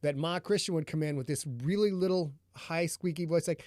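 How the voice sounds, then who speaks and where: Guy from northern michigan rambling to his live chat, kinda high voice, dry close sound. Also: fairly quick, few pauses, darkish tone, no echo. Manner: rambling and chatty, greets viewers in chat. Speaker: author hosting a live podcast reading. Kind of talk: casual chat with a live stream audience.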